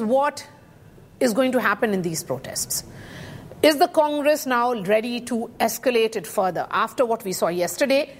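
A woman news anchor, asking questions with frequent hesitations and fillers. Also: high-pitched. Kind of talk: live news interview.

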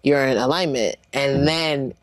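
A woman from Nigeria, a comedian chatting in an interview, animated and quick to laugh. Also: rumbling low, no room sound. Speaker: comedian guest. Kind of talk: casual interview chat.

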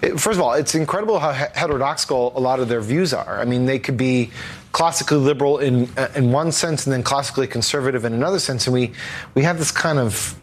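A male political guest giving halting, analytical commentary. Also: mid-range voice.

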